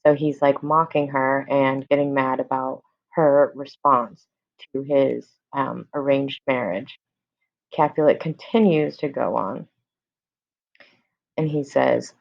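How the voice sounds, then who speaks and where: Low, gravelly woman teacher. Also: steady tone, takes it slowly, lo-fi sound. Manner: casual paraphrasing, many fillers. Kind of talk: recorded lesson explaining a play.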